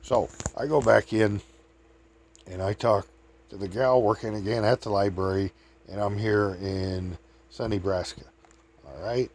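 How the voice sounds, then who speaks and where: A man's voice: lowish voice, fairly even intonation, measured pace, pauses often, darkish tone. A man telling meandering anecdotes in a chatty, casual way. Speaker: vlogger. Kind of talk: rambling storytelling.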